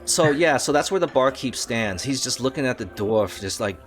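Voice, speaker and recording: A man's voice: mid-range voice, expressive, soft background music. Rambling man running a tabletop game. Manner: rambling, halting, laughs often. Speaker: dungeon master.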